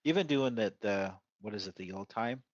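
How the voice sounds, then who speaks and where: A man's voice: lowish voice, expressive, normal speed, no room sound, lo-fi sound. A man co-hosting a casual wrestling chat, rambling with lots of fillers and restarts. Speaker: podcast co-host.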